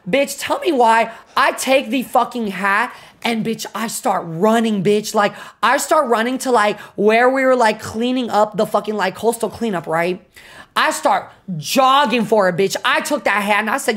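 A young woman streamer telling a story to her chat, animated and full of swearing and fillers. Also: fairly high pitch, normal speed. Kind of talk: casual storytelling to a live chat.

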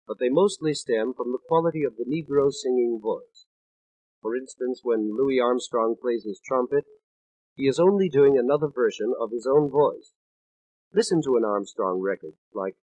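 A man's voice: mid-range voice, slightly rough, dry recording, lo-fi sound. A man in his thirties giving a scripted spoken lecture on music for a 1950s studio record, explaining patiently and counting out beats in rhythm. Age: 30s.

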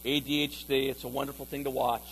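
A man preaching a sermon in a playful, animated way, acting out phrases with sudden loud bursts. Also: mid-range voice, fast talker, creaky, a little hiss or hum, low-quality recording. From California. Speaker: pastor.

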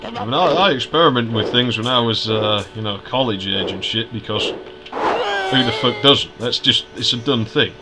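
A man's voice: mid-range voice, normal speed, heavy background noise. Crude rambling man from Hull. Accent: Hull, Yorkshire. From Hull, England. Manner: crude, profane, rambling and laughing. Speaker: let's play host. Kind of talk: casual gameplay commentary. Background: game music.

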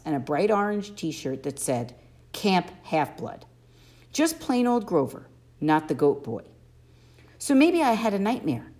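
A woman narrating an audiobook in an expressive first-person storytelling manner. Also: mid-range voice. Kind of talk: audiobook reading.

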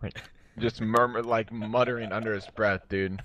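A man's voice: lowish voice, steady tone, moderate pace, fairly bright tone. A man in casual chat with friends, telling a teasing story about a teammate. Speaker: gamer.

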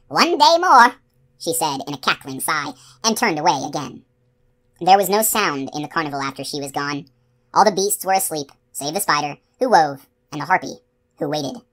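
A woman narrating a novel as an audiobook, with steady, expressive storytelling. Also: low-pitched.

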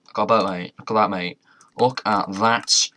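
A young man talks through his game in a bright, sharp voice, chatty and muttering to himself with the odd mild swear. Faint keyboard and mouse clicks tick away behind him. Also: lowish voice, fairly even intonation, normal speed, a little hiss or hum. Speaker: gamer. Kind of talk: modded game commentary.

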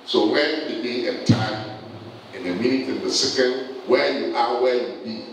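A man's voice: mid-range voice, normal speed, slight background noise. A man preaching a sermon, throwing questions at the congregation for them to answer. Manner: call-and-response questions to the congregation. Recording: echoey hall from far off, faint ambience.

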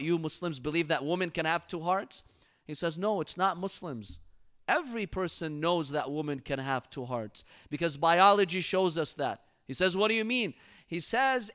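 A man's voice: high voice, animated, normal speed, bright, forceful tone. A man giving a Ramadan lecture in a mosque as preacher, telling stories expressively and reciting Arabic verses.

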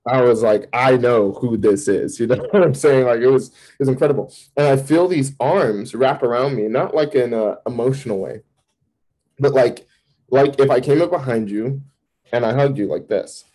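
A man, a campus minister, giving a candid personal testimony in an interview, telling it vividly with sudden jumps in pitch. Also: normal speed, mellow, slightly rough, poor audio.

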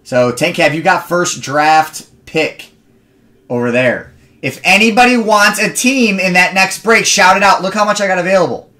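A man's voice: sits high, moderate pace, sharp tone. A young man hosting a live card break stream, chatting with viewers and rambling into stories between picks.

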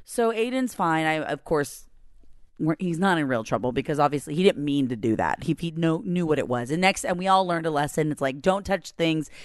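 A woman in her forties co-hosting a podcast, telling a story in a lively way and laughing often. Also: low-pitched, brisk, dry recording, studio quality. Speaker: podcast co-host. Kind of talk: casual chat, animated storytelling.

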